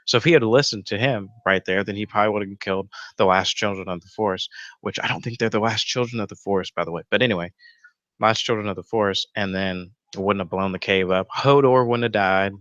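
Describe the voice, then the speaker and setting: A man's voice: lowish voice, fast, fairly bright tone, dry recording, lo-fi sound. A man hosting a casual fan theory show from home, rambling with lots of fillers and the odd swear. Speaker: YouTube show host. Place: home room with a roommate nearby.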